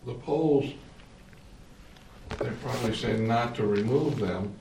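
A man's voice: mid-range voice, measured pace, creaky, a crowd in the background. A man, a student in a class, answering hesitantly. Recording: roomy, faraway, noisy.

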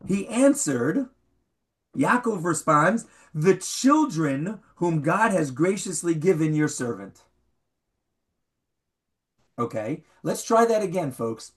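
Brief: male Bible teacher, lively rising and falling delivery, quizzes his class. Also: a little high, slow pace, pauses often. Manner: animated, questions the students, reads Hebrew aloud. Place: classroom with a small group.

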